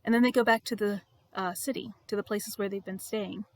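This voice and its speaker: A woman reading her devotional blog aloud in a reflective, expressive way, with emphatic repetition. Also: mid-range voice, a little fast, dry recording.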